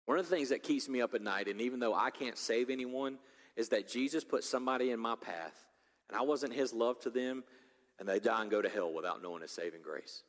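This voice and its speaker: A pastor in his forties preaching a sermon, swinging between loud urgency and hushed, intimate appeals. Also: medium pitch, fairly quick. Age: 40s. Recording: long reverb of a large hall.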